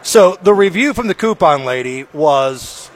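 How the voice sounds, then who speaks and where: A man hosting a morning radio show, telling stories in a chatty, animated way. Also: fairly high pitch, measured pace. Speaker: radio host. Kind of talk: casual morning radio banter.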